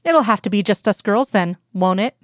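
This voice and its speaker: A woman voicing a chatty, insistent Southern woman, higher and brighter than her narration, in an audiobook reading. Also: animated, moderate pace, dry recording, clean studio sound, close to an everyday voice. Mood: cheery, coaxing. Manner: bubbly, insistent, higher-pitched.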